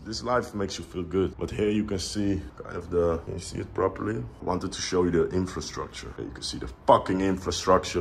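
A man's voice: sits low, fairly bright tone, a little hiss or hum. A young man vlogging and coaching from a hotel, talking in a brash, profane, confrontational way. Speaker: vlogger and online business coach. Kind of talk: casual vlog, motivational rant. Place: hotel gym and suite, indoors.

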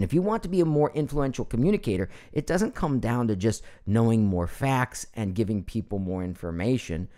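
A middle-aged man teaching voice training in a live online session, animated and demonstrating voices as he explains. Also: mid-range voice. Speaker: voice coach presenting his online course.

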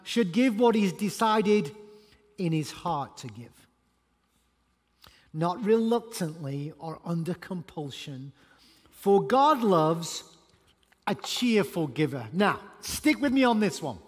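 High-voiced pastor preaching in a reverberant church. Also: male voice, takes it slowly, pauses often, breathy edge. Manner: animated, emphatic preaching with sudden loud bursts. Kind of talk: sermon. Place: church auditorium.

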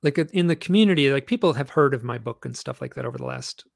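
A man, a guest author, telling stories in an animated, rambling way with many restarts. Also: medium pitch, fast, vocal fry, no room sound, clean studio sound. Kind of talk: storytelling interview chat.

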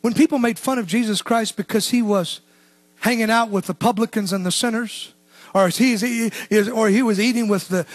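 High-voiced preacher swinging loud to hushed. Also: male voice, brisk, no echo. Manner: swings from shouted preaching to hushed, low asides. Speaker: pastor. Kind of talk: sermon.

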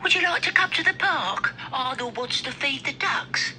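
A woman's voice: sits high, lively intonation, normal speed, pushed and bright, exaggerated voice. A woman voicing an eager young male pig in a homemade puppet play, with faint home noise and music behind. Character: friendly young male pig, Kipper's pal.

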